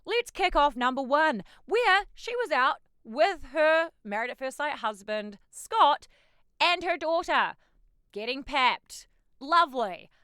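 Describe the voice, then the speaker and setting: A woman hosting a pop culture gossip show in a bubbly, cheeky way, with sudden loud outbursts. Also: high voice, big pitch swings, slow pace, dry recording, studio quality. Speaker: host.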